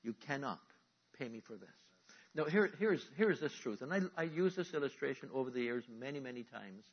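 A man's voice: mid-range voice, fairly quick, slightly rough, muffled recording. A man preaching a sermon, teaching step by step and calling on the congregation to answer him. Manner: animated preaching, calls for audience responses. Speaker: pastor.

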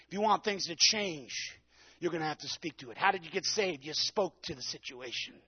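A man preaching a Pentecostal sermon, shouting at the peaks and calling out to the congregation for answers. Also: a little high, lively intonation, fairly quick, dull audio. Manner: preaches with rising shouts and call-and-response. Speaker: pastor.

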